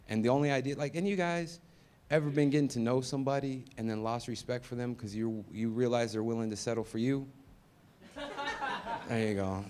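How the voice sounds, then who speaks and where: A man in his thirties doing a stand-up comedy set. He tells stories and acts out the other people in them, swinging between loud and soft. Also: mid-range voice. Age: 30s.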